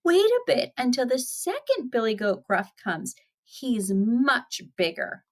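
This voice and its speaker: A woman voicing a small, timid young billy goat in a read-aloud storybook, pleading in a high voice. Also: big pitch swings, slow pace, heavily acted.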